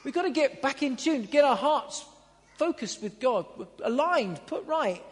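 A man preaching a sermon in a church hall, earnest, swinging between loud emphatic lines and quiet low ones. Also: lively intonation, measured pace. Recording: long hall reverb.

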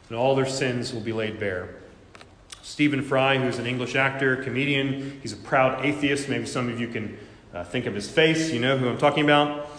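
A man preaching a sermon in a big, echoing space where his voice rings out with a long tail of reverb. He swings from quiet, measured phrases to loud, driving passages. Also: mid-range voice. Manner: preaching with rising intensity, swinging from hushed to loud. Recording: echoey hall with long reverb.

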